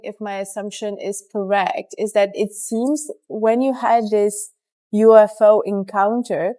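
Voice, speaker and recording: A woman interviewer asks reflective questions quietly and checks her understanding with the guest. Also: mid-range voice, steady tone, unhurried.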